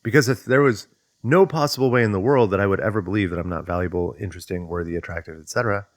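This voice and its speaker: Low-voiced man, thoughtful and dry. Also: fast talker, dry recording. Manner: thoughtful, conversational, digs into questions aloud; acts out inner voices in quotes. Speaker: self-development teacher. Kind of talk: reflective explanatory monologue.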